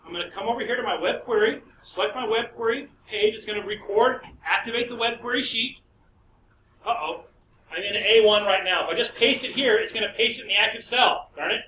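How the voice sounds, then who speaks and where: Chatty professor in an echoey classroom. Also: male voice, sits high, fairly quick, pushed and bright. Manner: chatty, storytelling asides. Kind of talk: classroom lecture. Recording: echoey classroom, distant mic, faint noise.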